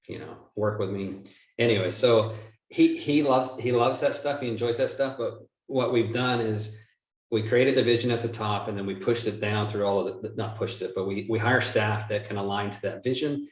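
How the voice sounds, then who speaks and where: A man whose voice is on the low side and steady, speaking at a moderate pace, appears as a real estate investor guest in an interview. Not from the United States originally, he answers in a rambling way, correcting himself and cracking jokes. The sound is roomy, from a distant mic.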